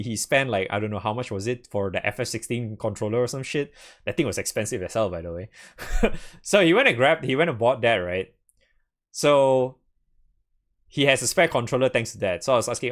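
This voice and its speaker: A young game streamer with a medium-pitched, expressive voice talks fairly quickly to his audience about games. His casual stream chat rambles, and he swears freely and laughs a lot.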